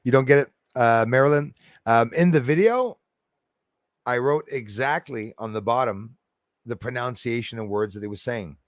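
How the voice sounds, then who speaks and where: Speaking at a normal speed and medium pitch, a man reads his livestream chat aloud in studio-quality audio with no room sound. He's laid-back and talkative, laughing as he makes fun of himself.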